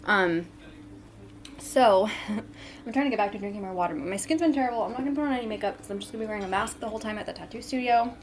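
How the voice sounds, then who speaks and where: A woman's voice: mid-range voice, fast, crowd noise. A young woman in her twenties chatting casually to camera in a vlog, with frequent ums, sometimes talking with her mouth full. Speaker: vlogger.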